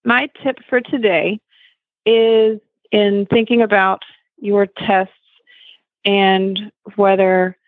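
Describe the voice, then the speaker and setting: A woman's voice: mid-range voice, no echo. Woman on a tinny phone line. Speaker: guest dressage judge and trainer. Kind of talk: casual radio show chat.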